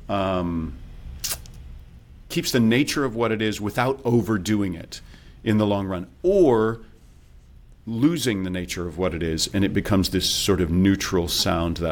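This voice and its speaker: Guy accent coach on a podcast, lowish voice, explains like a prof, chuckles a lot. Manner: explanatory, teacherly, animated demonstrations. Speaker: accent and dialect coach, guest. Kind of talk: podcast interview.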